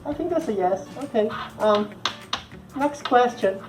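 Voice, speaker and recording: A man's voice: very high-pitched, lively intonation, unhurried, faint music behind, rough recording. Bubbly young man with a Portuguese-speaking accent. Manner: playful, bubbly and chatty. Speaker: vlogger answering fan questions. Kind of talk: casual chat.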